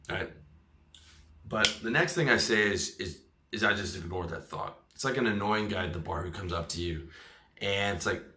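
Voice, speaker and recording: A man's voice: lowish voice, moderate pace, sharp tone, reverberant. A man coaching in a motivational talk, emphatic, often checking in with "okay?" and "right?", and swearing casually. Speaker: lifestyle coach.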